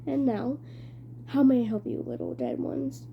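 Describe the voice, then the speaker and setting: A woman reading aloud and voicing a smooth, sly male ferryman of the dead with a put-on British accent. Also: sits high, normal speed, lo-fi sound, slight background noise. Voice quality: smooth, cold and sweet.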